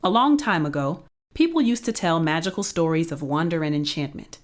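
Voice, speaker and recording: A woman reading a children's picture book aloud in a playful, expressive storytelling voice. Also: sits low, fairly quick.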